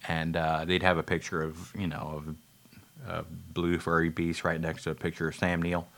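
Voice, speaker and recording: A man with a very low voice talks loosely about a movie, stumbling through fillers and restarts. He drifts off on tangents and laughs at his own slips, with an easy, offhand swear here and there. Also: completely flat delivery, normal speed, a bit bright. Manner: rambling, many fillers and restarts, laughs at himself; swears casually. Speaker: film reviewer. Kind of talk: rambling casual movie talk.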